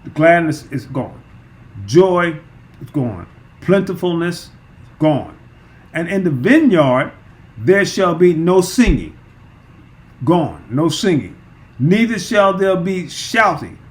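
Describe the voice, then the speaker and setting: Man, fairly high voice, emphatic Bible teaching, repeats himself, lots of uh. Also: big pitch swings, slow pace, pauses often. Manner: emphatic, repeats words, many fillers.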